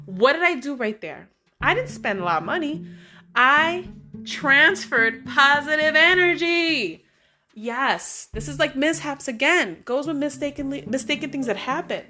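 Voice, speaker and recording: A middle-aged woman with a fairly high voice talks through an everyday story in a loose, chatty vlog style. She keeps an upbeat, encouraging tone and slips into acting out bits of dialogue as she goes. Faint music plays behind her. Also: lively intonation, unhurried, pushed and bright. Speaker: vlog host. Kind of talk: casual motivational storytelling.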